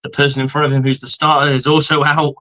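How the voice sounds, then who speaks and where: A man's voice: on the high side, level tone, quick pace, bright, forceful tone, poor audio. A man co-hosting a live sports fan stream, giving profane, fired-up football analysis. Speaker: co-host of a sports fan show.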